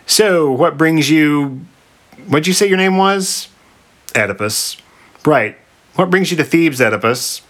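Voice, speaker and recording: A petulant monster Sphinx, fire in her throat and no patience at all, put on by a man reading a comic tale. Her voice pitches up above the reader's own, whiny and exasperated, full of slang. The tone is bright and cutting. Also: lively intonation, slow pace, long pauses. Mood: nosy chatty. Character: bratty, short-tempered female Sphinx monster, fire-breathing.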